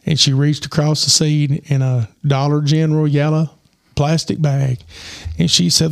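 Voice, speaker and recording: A man telling a rambling personal story with lots of fillers, his voice getting hoarse. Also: a little high, flat delivery, normal speed, no echo, studio quality. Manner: rambling, many fillers and restarts. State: losing his voice. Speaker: podcast host. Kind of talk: casual storytelling.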